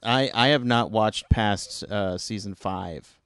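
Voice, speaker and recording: A Canadian man hosting a podcast, chatting in an easygoing, self-deprecating way with halting restarts. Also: lowish voice, a bit bright, clean tone, dry recording, studio quality. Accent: Canadian English. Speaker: podcast host. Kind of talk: casual chat.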